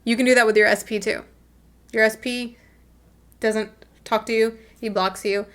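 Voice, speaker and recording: Young woman vlogger, a bit high-pitched, chatty, acts out bits of dialogue. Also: steady tone, moderate pace, a bit bright. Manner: chatty, swears freely, acts out quoted voices. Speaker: manifestation coach and vlogger. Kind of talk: casual talk to camera.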